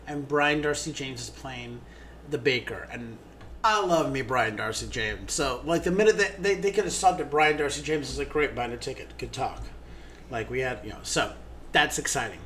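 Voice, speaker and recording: A man's voice: mid-range voice, lively intonation, moderate pace, fairly bright tone, slight background noise. A man co-hosting a theater podcast, gushing enthusiastically about shows in casual chat, with many ums.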